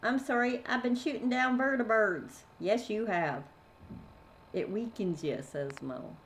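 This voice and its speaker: A woman's voice: on the high side, a little slow, a little hiss or hum, poor audio. A woman in her thirties from Canada with a Canadian accent, chatting casually and reading viewer chat aloud while she plays a game. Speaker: game streamer. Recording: loud game sound behind voice.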